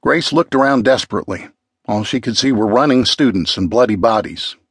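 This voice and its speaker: A man narrating an audiobook with a measured, grave delivery. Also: fairly low pitch, expressive, husky, dry recording, clean studio sound. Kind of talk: scripted narration.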